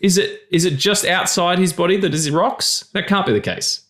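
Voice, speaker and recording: A man hosting a podcast in casual, crude, jokey banter, his voice still slightly gravelly after losing it. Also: high voice, moderate pace. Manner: animated, crude, jokey, with restarts. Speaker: podcast host.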